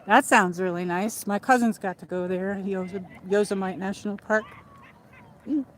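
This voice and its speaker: Brief: woman host, casual outdoor walk-and-talk stream, mid-pitched, chatty, a bit breathless, phone mic. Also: fairly even intonation, normal speed, a little hiss or hum. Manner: chatty and rambling, with many "like"s and restarts. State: a little out of breath from walking. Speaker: livestream host. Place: outdoors, walking by a lake.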